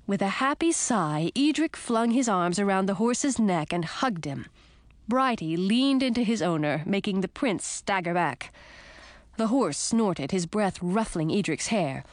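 Lively woman reading a storybook. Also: medium pitch, a little slow, no echo. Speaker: audiobook narrator. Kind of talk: first-person storybook narration.

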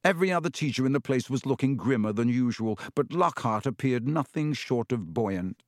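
This is an echo-free, clean studio recording of a man narrating an audiobook; his mid-range voice carries the story in an even, measured way.

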